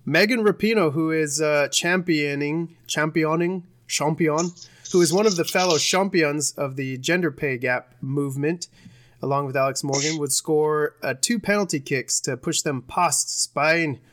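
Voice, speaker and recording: A man's voice: fairly high pitch, measured pace, fairly bright tone. A young man co-hosting a casual sports podcast, rambling and joking as he recaps games. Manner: joking, rambling, with put-on bits. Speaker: podcast co-host.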